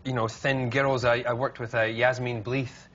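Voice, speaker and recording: A man's voice: mid-range voice, little pitch movement, fairly bright tone. A man from Scotland speaking with a mixed Scottish and American accent, a flirty, joking guest on a chat show. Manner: flirty, joking, quick to laugh. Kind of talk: casual chat show interview. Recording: dull lo-fi TV audio with faint noise.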